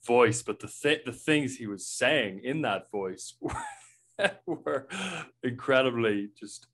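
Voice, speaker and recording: A man interviewing a guest in a relaxed, conversational way, sometimes repeating his first words. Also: mid-range voice, takes it slowly. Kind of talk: casual conversation.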